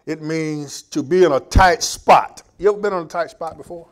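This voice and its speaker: A man preaching a sermon as pastor, slow and emphatic, swinging from loud to quiet. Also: on the high side.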